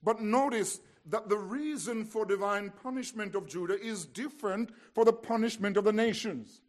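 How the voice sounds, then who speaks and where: A man with a notably high voice delivers an expository sermon. He tells it as a story, dropping to hushed lines and then pressing hard on key words. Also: moderate pace. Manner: dramatic storytelling, swings from hushed to emphatic. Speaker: preacher.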